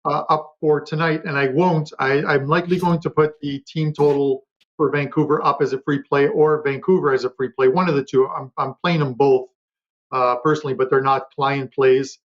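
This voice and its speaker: A man on a betting panel, chatting quickly about his picks with lots of fillers and restarts. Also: a little high, steady tone, dull audio. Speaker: sports betting handicapper. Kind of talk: casual panel talk.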